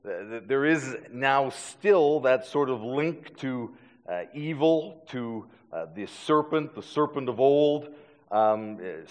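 A man's voice: mid-range voice, in a large hall. A middle-aged man preaching a sermon, telling stories with self-deprecating humor and frequent stammered restarts. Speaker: pastor.

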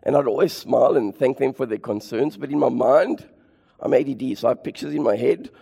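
A man's voice: mid-range voice, fairly quick, vocal fry, husky. Man preaching, fervent, repeats lines, big reverberant hall. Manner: impassioned, rising to near shouts, repeats phrases for emphasis. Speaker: preacher sharing his testimony. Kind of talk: sermon.

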